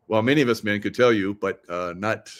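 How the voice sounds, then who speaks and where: A middle-aged man hosting a casual livestream monologue in a conspiratorial tone. He talks straight to his viewers, asks them questions and laughs at his own jokes. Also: on the low side. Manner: conspiratorial, joking asides, laughs at own lines. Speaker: show host.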